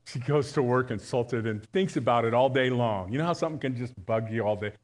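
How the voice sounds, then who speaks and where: A man's voice: medium pitch, a little fast. A male pastor giving a live church sermon in a conversational way, telling jokes and often restarting his sentences. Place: church service.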